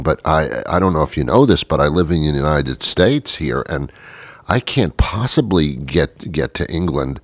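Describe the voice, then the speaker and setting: A man's voice: very deep voice, animated, moderate pace, no echo. A man hosting a comedy show, rambling through a dry, self-interrupting monologue. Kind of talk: deadpan comic monologue.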